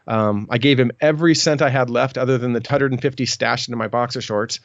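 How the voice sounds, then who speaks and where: A man's voice: mid-range voice, fairly even intonation, fast talker, creaky, no room sound. Middle-aged male guest, rambling storyteller, dry close sound, a little muffled. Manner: rambling, many restarts and ums. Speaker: podcast guest. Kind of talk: storytelling in an interview.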